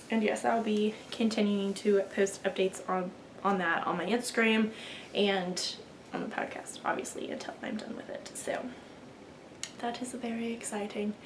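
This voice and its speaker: A woman's voice: medium pitch, slight background noise. A young woman hosting a knitting video podcast, chatting casually while showing her work, rambling a little with fillers and restarts. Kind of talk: casual show-and-tell chat.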